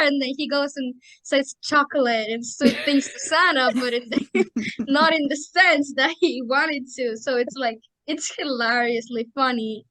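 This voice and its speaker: High-voiced excitable young woman, dry sound. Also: no echo, rough recording. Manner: emotional fan, acts out quotes. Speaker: podcast co-host or guest. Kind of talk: casual chat.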